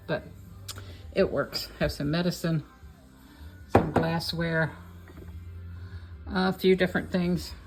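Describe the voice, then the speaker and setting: An older woman from Kentucky with an Appalachian Southern accent, chatting casually and a bit out of breath as she walks her yard and cooks in her kitchen. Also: low voice. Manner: homey, rambling, talks while walking and cooking. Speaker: home vlogger. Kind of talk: casual chat. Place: yard, then home kitchen.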